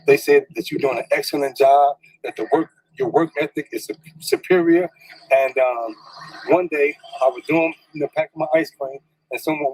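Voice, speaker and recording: Middle-aged man, candid personal storyteller, slightly raised pitch, dry close sound. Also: a little mellow, no room sound, low-quality recording. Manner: candid, repeats words when stirred, informal slang.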